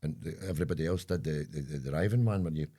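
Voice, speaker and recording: A deep, gravelly older Scottish man chats on a podcast. His voice is dark and a bit husky, and he rambles from one story to the next, putting on voices for the people in them. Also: rapid-fire. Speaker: co-host. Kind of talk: casual chat.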